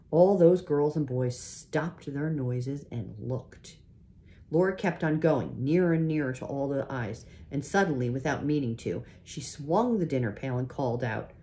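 A woman reading a children's chapter book aloud in a gentle, unhurried way, pausing to show the pictures. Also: rumbling low. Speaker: reader.

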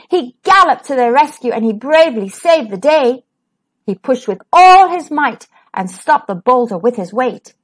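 A woman reading a rhyming children's picture book aloud, expressive and sing-song. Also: sits high. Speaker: children's storyteller.

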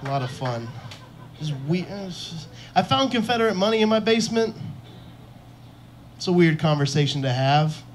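A man's voice: fairly high pitch, very animated, moderate pace, pauses often, slight background noise. Young man doing self-deprecating stand-up. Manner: self-deprecating, chuckles at his own jokes. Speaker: stand-up comedian. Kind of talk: stand-up comedy set. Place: comedy club stage.

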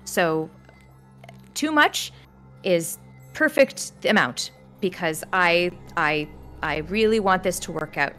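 A woman puts on a tall, emotional half-elf man in a fantasy game, his voice lifting a little higher as he stumbles through flustered, rambling apologies. Faint music sits behind. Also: lively intonation, slow, bright, forceful tone, smooth, heavily acted. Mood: apologetic.

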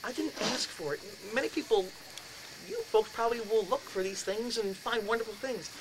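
A man in his fifties telling a ghost story to an audience, acting out his own voice with shouts and laughs. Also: high voice, moderate pace. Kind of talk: animated storytelling lecture. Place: lecture in a house. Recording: noisy room recording.

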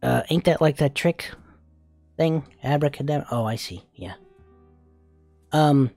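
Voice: medium pitch, unhurried, vocal fry, dark tone, no room sound, soft background music. A voice actor playing a crude, flamboyant male spider demon in a comedic fan reaction, swearing, giggling and cooing. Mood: amused.

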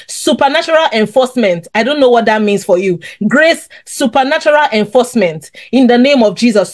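Fervent woman leading prayer. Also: a little high. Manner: leads chanted responses, fervent repetition. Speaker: host. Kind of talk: prophetic prayer.

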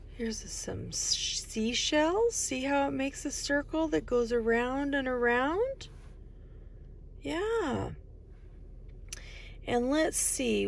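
A woman reading a picture book aloud to young children, speaking slowly in a sing-song way and asking the listener many questions. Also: fairly high pitch, vocal fry. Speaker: children's storytime host.

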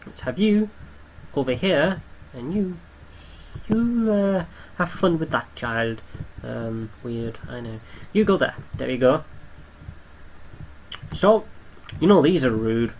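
A man's voice: a little high, expressive, takes it slowly, long pauses, a little hiss or hum, low-quality recording. A young man giving casual gameplay commentary, chatting to the creatures on screen and swearing offhandedly. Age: young adult.

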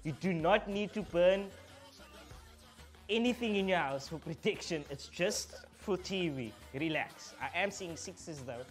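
Playful high-voiced South African man. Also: animated, faint music behind. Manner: joking, playful banter with quick laughs. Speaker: comedian host of a talk show. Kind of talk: casual comedic chat.

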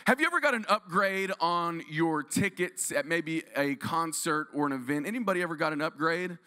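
A man's voice: fairly high pitch, moderate pace. A man from Texas preaching as a guest pastor, telling stories energetically and calling for responses from the congregation. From Dallas-Fort Worth, Texas. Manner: energetic, storytelling, audience call-and-response. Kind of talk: sermon. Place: large room used as church.

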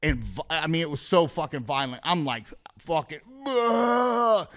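Male podcast guest, slightly high voice, profane, rambling, vivid storyteller. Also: fairly quick, fairly bright tone. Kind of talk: casual storytelling.

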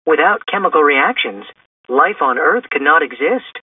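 A man's voice: fairly high pitch, animated, normal speed, husky, no echo. A man reading a storybook aloud and voicing a friendly teenage girl detective who likes to inform. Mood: informative. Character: upbeat teen girl detective. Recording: distant, tinny phone-like sound.

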